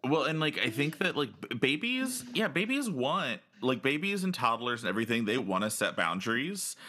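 A man in casual conversation, animated and often acting out little voices with a laugh. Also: medium pitch, normal speed. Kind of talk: casual chat.

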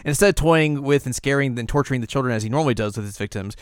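A man's voice: mid-range voice, racing, clear, resonant tone, dry recording, studio quality. A man co-hosting a casual episode recap, retelling scenes animatedly and laughing often. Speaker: co-host.

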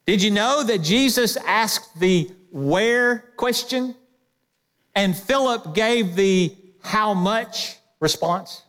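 A man preaching a sermon as pastor, lively, breaking into quoted asides to the congregation. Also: sits high, slow pace. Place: church sanctuary. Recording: long hall reverb.

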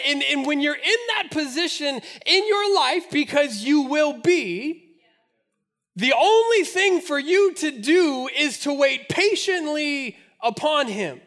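A man preaching a sermon, lively, acting out the voices in the scripture he reads. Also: very high voice, a little slow. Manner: animated, acts out scripture voices. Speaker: pastor.

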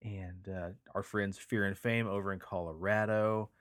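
Male podcast host, lower register, loose and profane, dry close sound. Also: steady tone, moderate pace, fairly bright tone, dry recording. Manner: laid-back, swears casually, emphatic sign-offs. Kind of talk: casual chat.

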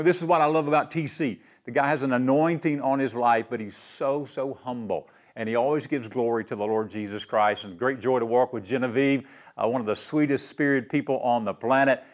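Folksy pastor preaching. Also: male voice, mid-range voice. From East Tennessee, US. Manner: warm folksy storytelling with fillers and "man". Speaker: guest pastor. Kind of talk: sermon.

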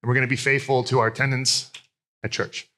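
A man's voice: medium pitch, level tone, fast talker, sharp tone. A man in his thirties preaching a sermon, telling candid, self-deprecating personal stories. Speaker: pastor.

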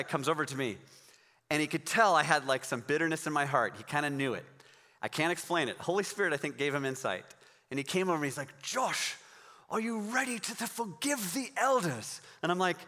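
A man's voice: on the high side, sharp tone, big-room sound. A pastor in his forties preaching a sermon in a conversational, storytelling way, with emphatic rises in his voice.

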